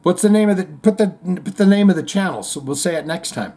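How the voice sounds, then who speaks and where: Animated male podcast host. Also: sits high, quick pace. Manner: animated, jokey, puts on voices when reading comments. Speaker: podcast host reading listener comments. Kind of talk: casual comedic commentary.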